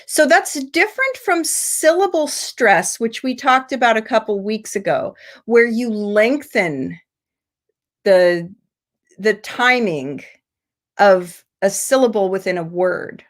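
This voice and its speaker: A woman from the United States teaching English pronunciation in an online seminar, explaining slowly and stretching out example words over a video call. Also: a little high, lively intonation. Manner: slow, deliberate explaining with drawn-out example words.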